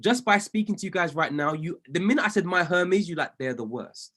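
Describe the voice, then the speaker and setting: A man, coaching a group on trading in an animated, preacher-like way with lots of emphasis and repetition. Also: sits high, a little fast. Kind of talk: motivational talk to a group.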